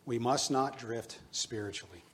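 A man's voice: medium pitch, normal speed, fairly bright tone. A middle-aged man preaching a sermon as pastor, earnest and exhorting, weaving in personal stories.

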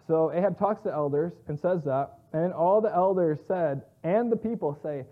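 A man with a somewhat high voice teaches from scripture in a relaxed, chatty way, reading verses and then retelling them in plain slang. The sound is thin and narrow, as if heard over a phone line. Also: normal speed, hardly any pauses. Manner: conversational, paraphrases scripture in everyday slang. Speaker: Bible teacher. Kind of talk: casual Bible teaching.

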